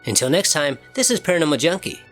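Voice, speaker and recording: A man's voice: fairly high pitch, very animated, quick pace, a bit bright. A man hosting and narrating paranormal stories in a scripted, emphatic storytelling way. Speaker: channel host and narrator. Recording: faint background music.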